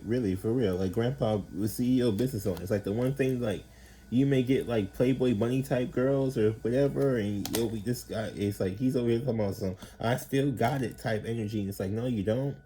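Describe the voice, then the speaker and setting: In a fairly quick, mid-pitched voice, a tarot reader rambles through a laid-back reading full of slang and swearing, animatedly playing the parts of the people he quotes. The recording is low quality, with a bit of hiss or hum.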